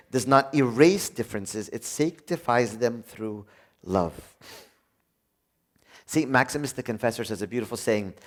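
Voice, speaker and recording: A middle-aged man preaching a conversational sermon, acting out quoted voices along the way. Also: a little high.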